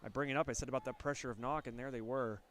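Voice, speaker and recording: Stuffy-nosed man calling high school football. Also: racing, slight background noise. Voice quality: nasal. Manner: energetic play calls, rising on big plays. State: stuffy nose, sniffling. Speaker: play-by-play announcer.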